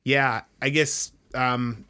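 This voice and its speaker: A young man co-hosting a podcast, cracking dry, deadpan jokes in casual chat. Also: medium pitch, extremely slow, smooth, no echo. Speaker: podcast co-host.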